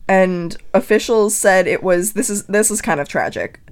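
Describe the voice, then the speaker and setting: A woman co-hosting a casual chat, telling a grim story with wry dark jokes. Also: mid-range voice, moderate pace. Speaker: podcast co-host.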